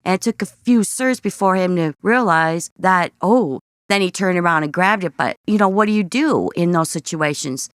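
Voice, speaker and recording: A woman's voice: lowish voice, lively intonation, normal speed, no echo, studio quality. A woman talking casually to viewers, giving earnest, slightly weary advice about work. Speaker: vlogger.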